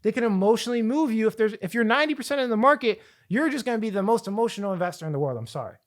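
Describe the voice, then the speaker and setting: A man coaching viewers on finance in an energetic, rambling talk to camera, often repeating and restarting his phrases. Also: sits high, rapid-fire. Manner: energetic, rambling, hype-building. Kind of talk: hyped talk to camera with slides.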